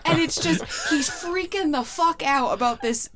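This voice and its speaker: A woman in casual chat telling a funny story, animated, laughing and swearing freely. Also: sits high, moderate pace, background noise.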